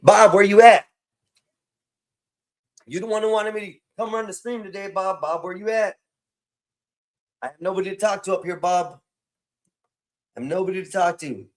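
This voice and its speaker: A man's voice: high voice, fairly quick, long pauses. Rambling man hosting a livestream. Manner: rambling, repeats phrases, talks to chat by name. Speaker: livestream host. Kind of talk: casual stream chat.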